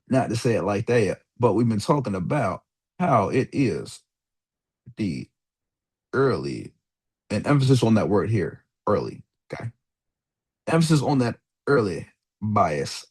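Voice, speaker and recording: A young man walks through a trading lesson in a loose, rambling way, dropping slang and curses as he goes. His voice is a little husky and swings widely in pitch, sometimes rising high and sometimes dropping low. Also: very animated, a little slow, a little mellow. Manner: laid-back slangy rambling, swears freely, calls listener dog and bro. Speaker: trading mentor. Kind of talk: casual screen-share trading lecture.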